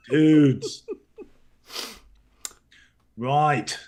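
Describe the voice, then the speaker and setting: A man's voice: a little high, very slow, darkish tone. A middle-aged man co-hosting a live stream, greeting viewers in a playful, teasing way with lots of giggling. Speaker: livestream co-host.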